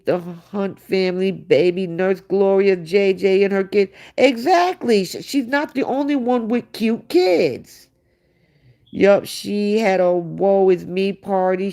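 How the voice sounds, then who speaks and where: A woman's voice: medium pitch, measured pace, warm tone. A woman hosting a livestream, reading viewer comments aloud and answering them in blunt, sarcastic casual commentary. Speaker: livestream host.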